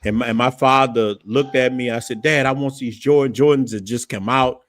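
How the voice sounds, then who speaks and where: A man's voice: mid-range voice, brisk. A man, hosting his channel and telling stories in casual chat, his voice rising as he acts out quotes. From New Orleans, Louisiana. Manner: animated storytelling, voice rising when quoting his father. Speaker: channel host.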